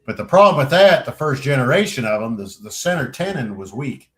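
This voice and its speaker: Animated man telling loud, profane stories. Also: medium pitch, fairly quick. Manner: animated storyteller, acts out quotes loudly, swears freely. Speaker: podcast co-host, veteran. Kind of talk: casual storytelling chat.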